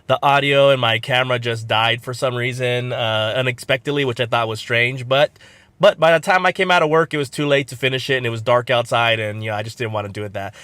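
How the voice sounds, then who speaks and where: A man's voice: medium pitch, quick pace, a bit bright, smooth, no room sound. A man with a cold and a congested voice, hosting a motivational podcast and giving an earnest, encouraging talk to camera with many fillers. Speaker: podcast host.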